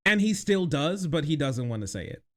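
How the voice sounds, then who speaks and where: A man's voice: fairly high pitch, big pitch swings, normal speed, a bit bright. A young man streaming a mocking reaction to a video, sarcastic, laughing often and swearing. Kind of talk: mocking live reaction commentary.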